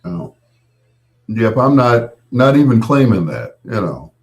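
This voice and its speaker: A man's voice: medium pitch, big pitch swings, takes it slowly. A man working as a late-night radio DJ, chatting in a laid-back, storytelling way with casual slang.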